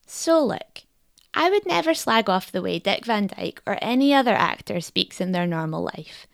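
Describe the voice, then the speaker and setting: A woman's voice: mid-range voice, expressive, moderate pace, vocal fry, dry recording. A woman hosting a podcast, narrating a script in a wry, reflective way. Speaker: podcast host.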